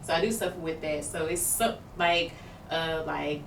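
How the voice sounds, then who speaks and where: A woman's voice: low voice, steady tone, moderate pace, creaky. Woman talking candidly in a roomy space. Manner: open, rambling, with many fillers. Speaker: podcast co-host. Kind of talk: candid personal talk. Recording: roomy, far from the mic, noisy background.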